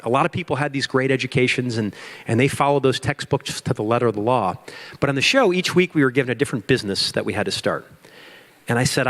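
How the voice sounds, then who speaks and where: A man's voice: lowish voice, a bit bright. A man giving a motivational keynote to an audience, with emphatic repetition and storytelling. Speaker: keynote speaker. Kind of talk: motivational speech.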